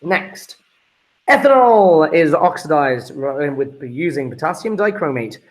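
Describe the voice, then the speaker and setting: A man's voice: on the high side, big pitch swings, measured pace, poor audio. A man talking through a chemistry exam paper as a teacher, chatty and calling his students guys and folks.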